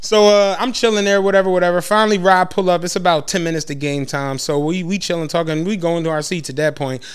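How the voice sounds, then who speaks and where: A man with a fairly high voice tells a story in a casual podcast chat. He is slangy and profane, acting out what people said and laughing a lot as he goes. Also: quick pace, clean tone. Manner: animated storyteller, acts out quotes, laughs a lot. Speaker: podcast co-host.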